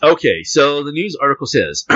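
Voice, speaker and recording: A man hosting a casual podcast, laughing often and reading a news story aloud with halting restarts. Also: a little high, bright, forceful tone, slightly rough, no room sound. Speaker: podcast host. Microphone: close podcast mic with headphones. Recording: dull lo-fi dry podcast audio.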